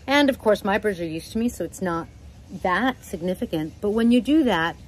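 A relaxed woman with a mid-range voice gives easygoing, chatty advice and speaks gently. She talks at home, and a faint noise sits behind her. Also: medium pitch, low-quality recording. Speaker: parrot channel host. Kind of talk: casual instructional talk.

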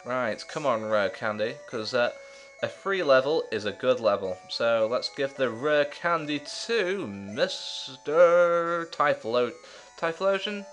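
A man's voice: mid-range voice, lively intonation, slow pace, a bit bright, soft background music. A man hosting a let's play, giving casual gameplay commentary with chatty, jokey, self-mocking asides.

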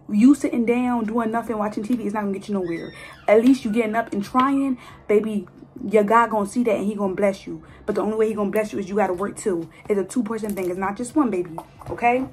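Young woman in her 20s doing a hair vlog on her phone, chatty and playful, bit of faint hiss. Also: mid-range voice. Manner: chatty, playful, talks straight to viewers. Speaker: hair vlogger. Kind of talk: casual chat while styling a mannequin's hair. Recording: phone video with faint noise.

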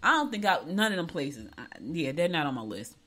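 A woman's voice: low voice, very animated, a little fast, fairly bright tone. A woman radio host giving outspoken, chatty commentary on the news in a casual talk-radio style. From United States.

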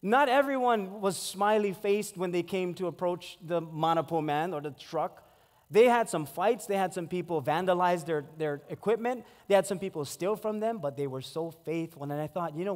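Pastor, 40s, storytelling sermon, high pitch, reverberant sanctuary. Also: male voice, normal speed. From Hawaii. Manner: storytelling, animated acted-out quotes. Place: church sanctuary. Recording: long hall reverb.

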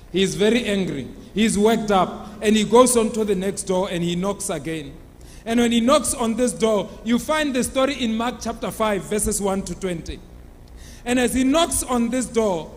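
A man preaching from the pulpit, his voice sitting very high for a man. He tells a Bible story dramatically and acts out its characters. Long reverb rings around him in a church hall. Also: slight background noise. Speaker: pastor.

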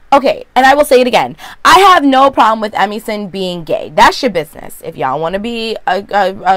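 A woman giving a sassy, opinionated recap of a TV episode in a casual vlog, full of quick asides. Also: medium pitch, a bit bright, dry recording. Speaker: vlogger.

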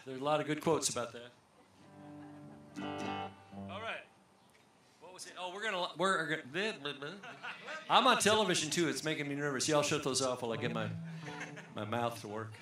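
Bright-voiced bandleader joking between songs. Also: male voice, a little high. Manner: joking, rambling, self-deprecating. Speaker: bandleader and singer. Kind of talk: stage banter between songs. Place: outdoor amphitheater stage. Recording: roomy live concert sound with faint music.

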